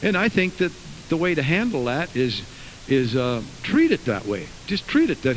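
A man's voice: on the high side, sing-song, normal speed, slight background noise, poor audio. A man preaching a fervent sermon to his congregation in a church, with many asides and restarts. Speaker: pastor. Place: church sanctuary.

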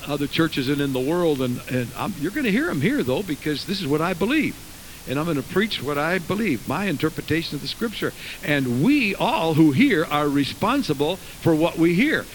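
A man's voice: fairly high pitch, very animated, moderate pace, rough recording. Fervent male preacher, faint hiss. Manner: fervent preaching, many asides and restarts. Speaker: pastor. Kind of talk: sermon. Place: church sanctuary.

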